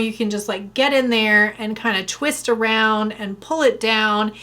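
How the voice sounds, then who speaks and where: Young woman vlogger, bright forceful voice, slightly high, chatty storyteller. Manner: chatty, animated, lots of fillers and retold quotes. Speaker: beauty vlogger. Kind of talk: casual storytelling review.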